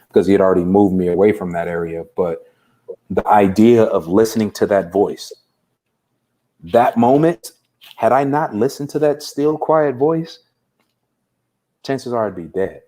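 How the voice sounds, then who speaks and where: A man's voice: low voice, normal speed, mellow. A man, a guest coach on a live interview show, telling a personal story earnestly and acting out the dialogue. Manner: earnest, acts out quoted dialogue.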